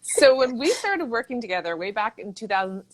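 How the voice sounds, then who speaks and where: A woman's voice: fairly high pitch, very animated, brisk. A woman hosting a conversation from home over a video call, playful and affirming, laughing easily. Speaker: podcast host, book coach. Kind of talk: casual interview conversation. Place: home in Brooklyn.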